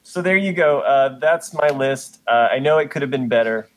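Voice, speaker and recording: A man co-hosting a casual podcast chat, reading off his list in a deliberate, dry monotone. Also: medium pitch. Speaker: podcast co-host.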